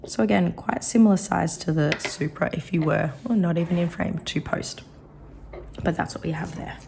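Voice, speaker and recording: A woman with a slightly rough, coughing throat, chatting casually as she reviews a pen. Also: lowish voice, normal speed, noisy background. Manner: chatty, rambling, softly admiring. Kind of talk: casual product review vlog.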